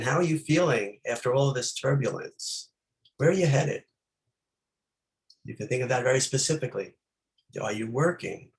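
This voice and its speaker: Meditation teacher, male, mid-range voice, reflective questioning delivery with pauses. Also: mid-range voice, gravelly, rough recording. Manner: reflective, asking many gentle questions, with pauses. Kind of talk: meditation dharma talk.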